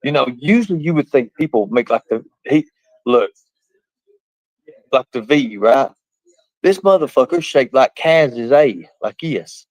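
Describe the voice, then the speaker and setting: A man's voice: mid-range voice, lively intonation, measured pace, pauses often, a little mellow, dry recording, low-quality recording. A man hosting a livestream, ranting in a boastful, profane, mocking way. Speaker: livestream host. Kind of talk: casual livestream rant.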